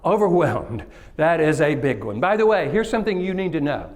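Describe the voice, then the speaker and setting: High-voiced joking Texas-born keynote speaker. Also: male voice, animated, brisk, a little mellow. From Kilgore, Texas. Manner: engages the audience, jokes and asks questions. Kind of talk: interactive keynote talk. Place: conference stage.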